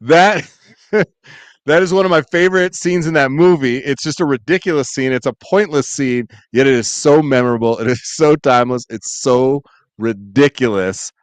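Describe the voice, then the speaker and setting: A man co-hosting a casual podcast, enthusiastic and quick to laugh as he recalls favorite scenes. His voice is smooth and resonant, at an average pitch. The sound is dry and close. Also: no room sound. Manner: enthusiastic, laughs often, quotes movie lines. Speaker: podcast co-host.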